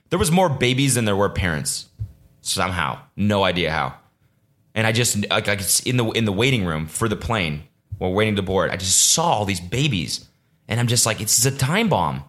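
On his own podcast, a young man with a low but fairly bright voice rants casually and off the cuff. He rambles, swears freely, sounds exasperated, and now and then slips into mocking voices.

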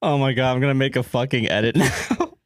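A young man co-hosts a casual podcast in an easygoing, joking manner, laughing through his own bits. His pitch sits in the middle range, and the close mic sounds dry. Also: lively intonation, fairly quick, no echo. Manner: laid-back, joking, laughs often. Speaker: podcast co-host. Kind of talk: casual chat.

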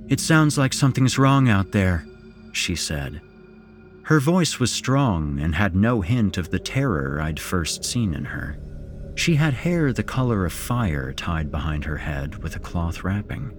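A man narrating a horror story in a measured, dramatic storytelling manner, as host of a podcast. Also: low-pitched.

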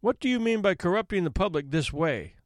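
A man's voice: sits high, lively intonation, brisk, dry recording, clean studio sound. A man doing a blustering, barking judge. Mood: stern. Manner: barking, roaring commands. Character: blustering, quick-tempered old male judge.

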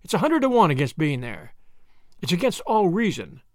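A man's voice: sits high, sing-song, moderate pace, no room sound. Nervy young british adventurer guy, doubtful and jumpy, voice bouncing up and down a lot, dead dry sound as a man reads him. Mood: uneasy. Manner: doubtful and uneasy.

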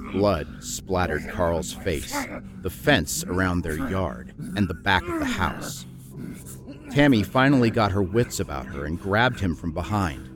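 A man narrating a horror story in a measured, grim storytelling manner. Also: low voice.

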